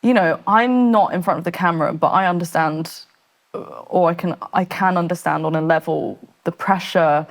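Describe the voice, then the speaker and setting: A woman's voice: fairly low pitch, normal speed. A woman, a photographer and podcast guest, talking casually in a rambling, filler-heavy way. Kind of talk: casual interview chat.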